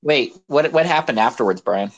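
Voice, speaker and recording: A man's voice: mid-range voice, animated, normal speed, gravelly, highs cut off. A man in casual podcast chat, bantering playfully and reacting to the others. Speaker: podcast co-host.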